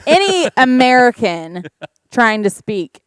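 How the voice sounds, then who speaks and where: A woman's voice: on the high side, big pitch swings, slow, clean tone, no echo, pitched above the performer's own voice. A woman putting on a playful British accent on a podcast, hamming it up and half laughing, recorded close and dry. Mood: playful mock-posh. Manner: hammy, laughing through the lines.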